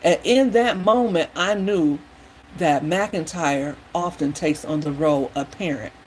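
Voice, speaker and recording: A woman vlogger in a casual chat while doing her hair, retelling things in a rambling, opinionated, animated way. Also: deep voice, unhurried, slight background noise, low-quality recording.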